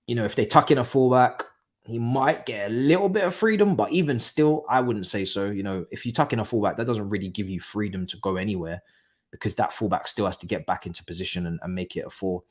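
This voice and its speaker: A man's voice: on the low side, quick pace. Man hosting a live watchalong. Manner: casual, bursts into excited exclamations at goals. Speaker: watchalong host. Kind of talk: live match watchalong commentary.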